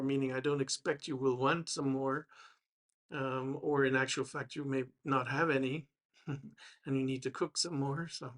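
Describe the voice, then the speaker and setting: A man explaining English grammar to learners, slow and hesitant, with many fillers and restarts. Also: medium pitch, steady tone, fairly bright tone. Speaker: English teacher.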